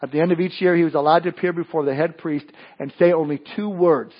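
A man's voice: on the high side, fairly even intonation, fast talker, muffled recording. A male pastor preaching a sermon in a conversational way, often restarting and adding asides.

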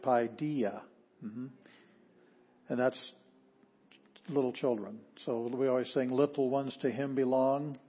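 Husky male teacher, unhurried and halting, sounding out words syllable by syllable; dull lo-fi recording. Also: mid-range voice, level tone. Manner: patient, halting, many ums, sounds out words slowly. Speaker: Greek teacher. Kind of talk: informal classroom lesson.

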